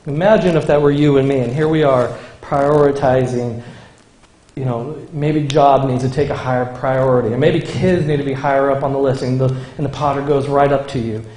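A man's voice: medium pitch, fairly even intonation, fairly quick. A man preaching a sermon, swinging between emphatic declarations and casual asides to his listeners. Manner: emphatic, rising to forceful declarations, then conversational asides to the congregation. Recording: echoey room.

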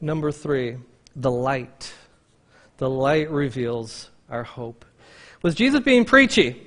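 A man's voice: mid-range voice, expressive, slow, fairly bright tone. A man preaching a sermon in an earnest, repetitive style that rises into fervent urging.

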